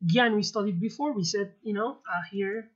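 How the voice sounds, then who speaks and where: A woman's voice: medium pitch, moderate pace. A woman with a Kurdish accent, a native Kurdish speaker, teaching words one by one in a casual video lesson, repeating each term and checking in with "okay". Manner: explains word by word, repeats terms, many fillers and okays. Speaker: language teacher. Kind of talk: explaining vocabulary in a video lesson. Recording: dull lo-fi audio.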